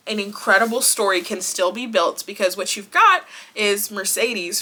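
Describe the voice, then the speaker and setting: Bright-voiced, blunt woman vlogger. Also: mid-range voice. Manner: animated and blunt, swears, laughs often. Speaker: wrestling vlogger. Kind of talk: casual vlog chat.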